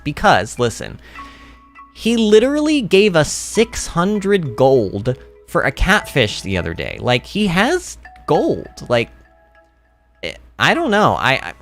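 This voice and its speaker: A man rambles through game commentary on a livestream, often poking fun at himself. His pitch jumps around constantly. He speaks into a streaming microphone. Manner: rambling, animated and self-deprecating.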